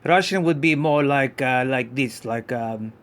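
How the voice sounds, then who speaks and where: A man voicing a goofy male dinosaur puppet pup who hosts a live podcast, talking in a vague put-on foreign accent, rambling with many halting restarts. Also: medium pitch, fairly bright tone. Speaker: podcast host. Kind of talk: live podcast character act.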